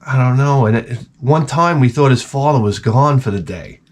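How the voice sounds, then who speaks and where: A man's voice: medium pitch, moderate pace, a little hiss or hum. A man in his forties telling rambling, profane comic anecdotes in casual chat as a podcast host.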